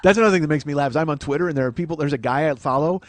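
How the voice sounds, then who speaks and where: A man's voice: fairly high pitch, very fast. A man in his forties hosting a solo comedy podcast, ranting in a profane, self-mocking, mock-indignant way.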